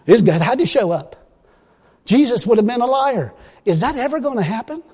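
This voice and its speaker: A man with a high voice delivers a sermon in a plain, folksy manner. He leans on his points and bursts into loud exclamations. His voice rings out with the long reverb of a hall. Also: big pitch swings, normal speed, breathy edge. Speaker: preacher.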